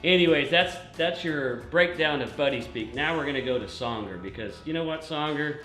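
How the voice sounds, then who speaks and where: A man hosting a racing talk show, his voice a bit high and full of jokes and laughter. He sounds like he's in a roomy, echoing space, with music playing faintly underneath. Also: moderate pace, fairly bright tone. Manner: joking, laughs often. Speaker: host. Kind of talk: casual chat.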